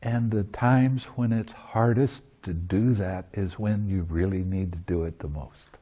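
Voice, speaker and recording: A man's voice: low voice, measured pace, dark tone. A man giving a dharma talk as meditation teacher at a retreat, teaching playfully and often laughing. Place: meditation center.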